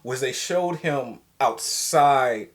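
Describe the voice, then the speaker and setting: A man from the United States co-hosting a casual film review chat, animated and often adding "you know what I'm saying". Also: mid-range voice, takes it slowly. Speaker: podcast co-host.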